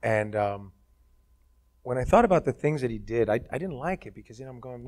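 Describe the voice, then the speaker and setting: A man's voice: mid-range voice, expressive, fast talker, darkish tone. A man who is the guest actor at a college talk, speaking in a casual, musing, conversational way. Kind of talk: onstage conversation. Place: college event stage.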